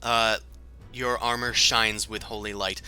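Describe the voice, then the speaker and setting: A man narrating a tabletop role-playing game as game master, describing scenes in detail with frequent filler pauses. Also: on the low side, level tone, bright, forceful tone, smooth, soft background music.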